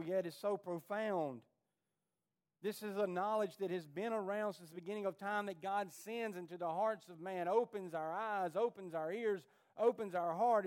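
Male pastor with a high voice, preaching a fervent, pleading sermon. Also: a little mellow. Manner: impassioned preaching, pleading then rising. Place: church.

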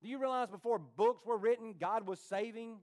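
Male pastor with a high voice, preaching a fervent, pleading sermon. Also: moderate pace, a little mellow. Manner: impassioned preaching, pleading then rising. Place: church.

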